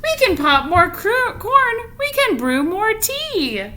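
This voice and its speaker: A woman voicing a cheerful little male mouse with a high, squeaky voice in a storybook reading. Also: sing-song, slow, sharp tone, exaggerated voice. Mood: cheerful reassuring.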